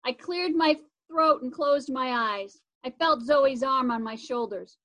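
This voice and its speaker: A woman with a high, light voice reads a children's chapter book aloud. She takes her time, unhurried and expressive. The telling has the easy pace of a bedtime story. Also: lo-fi sound. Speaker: reader.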